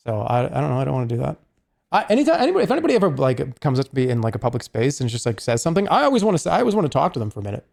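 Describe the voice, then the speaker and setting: A man's voice: mid-range voice, big pitch swings, rapid-fire, gravelly, darkish tone. A man chatting casually on a live stream, rambling along with lots of asides and restarts.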